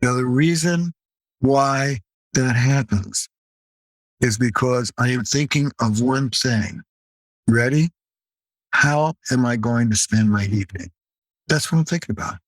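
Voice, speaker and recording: A man's voice: mid-range voice, unhurried, pauses often, no room sound. An older man, a therapist and author, talking in a podcast interview with emphatic, punchy delivery and playful asides.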